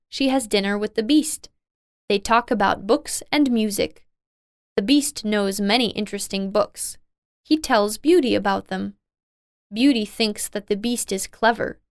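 Female narrator for an easy-reading fairy tale; crisp, dry, deliberate delivery. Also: a little high, dry recording. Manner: slow, plain, simple sentences.

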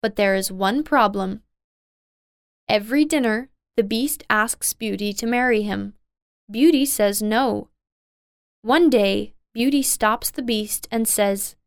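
A woman narrating a simple fairy tale in plain, slow, easy sentences. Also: a little high, smooth, no echo, studio quality.

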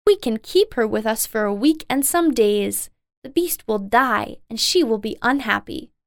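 A woman's voice: on the high side, animated, measured pace, no echo, studio quality. A woman voicing jealous scheming sisters. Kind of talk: storybook read-aloud.

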